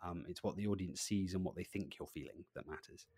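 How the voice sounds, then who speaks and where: Lively low-voiced man, dry close mic. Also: a little fast, slightly rough, dry recording. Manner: lively, acts out voices, swings between loud and quiet. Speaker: presentation trainer, guest. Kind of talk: animated podcast interview.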